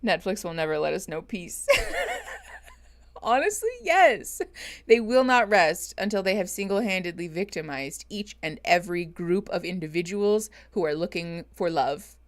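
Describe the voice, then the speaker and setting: A woman's voice: lowish voice, lively intonation, moderate pace. A woman therapist chatting casually on a live stream, greeting viewers and laughing often. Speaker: therapist streaming reaction show.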